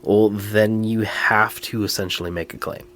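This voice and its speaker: A man co-hosting a podcast, talking in a measured, thoughtful way in casual chat, with wry laughs. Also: fairly low pitch, fairly even intonation, a bit bright. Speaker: podcast co-host.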